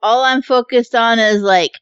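Casting note: woman podcast co-host, smooth voice, laid-back, swears a lot, dull dry recording. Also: fairly high pitch, normal speed, dry recording. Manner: laid-back, swears freely, laughs often. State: allergies, hiccups. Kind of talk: casual chat.

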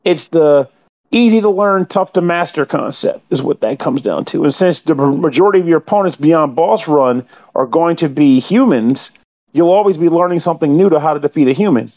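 Man, higher voice, talkative, wordy game review, self-correcting. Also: expressive, fairly quick, a little mellow. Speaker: podcast co-host reviewing a game. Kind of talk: casual podcast review.

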